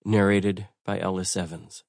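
A man narrating an audiobook in a measured, wry storytelling manner. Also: sits low, flat delivery, gravelly, no echo, clean studio sound.

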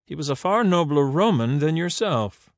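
A man's voice: a little high, moderate pace, vocal fry, no echo, studio quality, voice pushed up. A man doing a cool mocking dream-shaper. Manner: jeering, calm and superior.

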